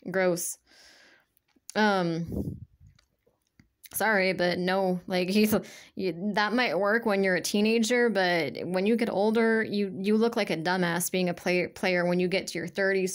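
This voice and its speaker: A woman giving a casual spiritual energy reading to her viewers. She rambles, leans heavily on fillers and talks bluntly, with swearing. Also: lowish voice. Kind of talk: casual spoken reading to camera.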